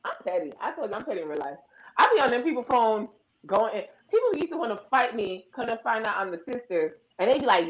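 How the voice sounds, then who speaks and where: A woman co-hosting a casual chat, telling animated stories and acting out both sides of phone calls. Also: a little high, quick pace, roomy sound, rough recording. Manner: animated storyteller, acts out phone calls in other voices. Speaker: podcast co-host.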